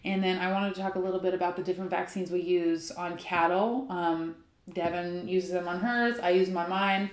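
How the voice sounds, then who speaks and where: A woman's voice: lowish voice, steady tone. Chatty woman co-hosting with room echo. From California. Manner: chatty, laughing, quick asides. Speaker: podcast co-host. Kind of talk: casual chat.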